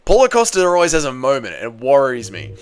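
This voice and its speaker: A man's voice: medium pitch, huge pitch swings, fast talker, clean tone. Blunt Australian man hosting a live stream. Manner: blunt, laddish banter with swearing and slang. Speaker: MMA live-stream host. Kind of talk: live-stream chat, reading viewer comments.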